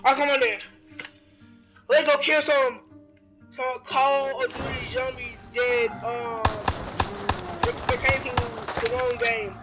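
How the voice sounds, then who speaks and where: A man giving rambling, excitable let's-play commentary, yelping and shouting at the game. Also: extremely high pitch, slow, pauses often, music in the background. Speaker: gameplay commentator.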